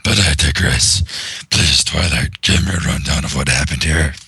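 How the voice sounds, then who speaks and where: A man reading the part of a calm, regal female pony princess in a formal, measured way, with a very husky voice. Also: very deep voice, slight background noise. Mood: composed. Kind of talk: reading a comic aloud in character.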